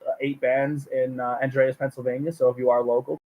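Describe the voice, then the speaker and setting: A man's voice: medium pitch, flat delivery, fairly quick, warm tone. A man hosting a casual podcast, talking loosely and acting out prank calls in funny voices. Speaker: podcast host. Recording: tinny phone-like sound.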